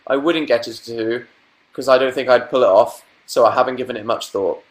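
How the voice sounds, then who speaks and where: A man's voice: mid-range voice, fairly even intonation, a little fast. A young British man chatting casually on a live stream, reading out viewer comments with dry, sarcastic asides. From Britain. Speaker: livestream host.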